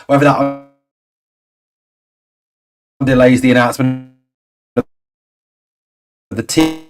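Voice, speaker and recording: Man in his forties, fan channel host, chatty, rambling, exasperated asides, mid-pitched voice. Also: fairly even intonation, slow pace, music in the background. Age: 40s. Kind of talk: casual livestream chat reading viewer comments.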